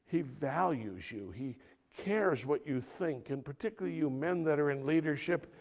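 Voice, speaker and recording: A male pastor preaching a sermon, his delivery emphatic, dropping quiet and then rising loud. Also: medium pitch, expressive, moderate pace.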